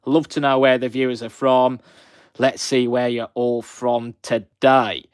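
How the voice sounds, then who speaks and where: In clean, echo-free studio audio, a twenty-something West Midlands man with a Black Country accent rambles amiably to his live stream viewers, using lots of fillers. His mid-range voice is flat and unhurried.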